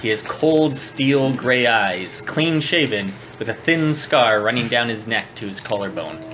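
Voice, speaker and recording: A man narrating a tabletop game as its dungeon master, halting with many ums and uhs. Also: mid-range voice, expressive, sharp tone, slight background noise. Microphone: phone on the table. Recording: dull phone recording.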